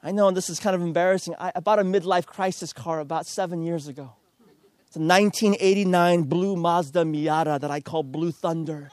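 A man's voice: on the high side, steady tone, brisk, a little mellow, dry recording. A middle-aged man preaching a storytelling sermon, earnest and self-deprecating as he urges listeners on.

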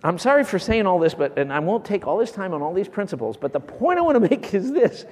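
A man preaching a sermon with great passion, swinging from loud bursts down to near whispers. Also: sits high, sing-song, fast talker, big-room sound.

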